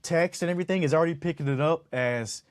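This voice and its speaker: A man's voice: on the high side, quick pace. A stuffy-nosed man co-hosting a casual podcast, rambling and joking. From lives in Utah, lived in Los Angeles. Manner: animated, rambling, jokey. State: congested. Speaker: podcast co-host.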